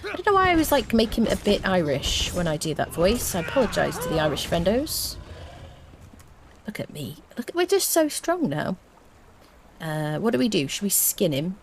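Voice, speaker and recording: A woman's voice: fairly low pitch, sing-song, moderate pace, slight background noise. A woman streaming a video game, chatting to her viewers and humming little tunes to herself as she plays. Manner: chats to viewers. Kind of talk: casual live-stream chat while playing.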